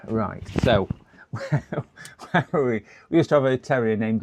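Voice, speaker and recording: A man's voice: medium pitch, expressive, a little slow, a little mellow. A man chatting casually on a live repair stream, rambling and laughing at his own puns.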